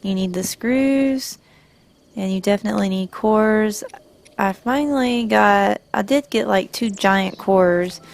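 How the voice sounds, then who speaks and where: A woman's voice: medium pitch, vocal fry, a little mellow. A woman from Georgia with a Southern accent, chatting casually through gameplay commentary, rambling and correcting herself as she goes. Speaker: gaming channel host.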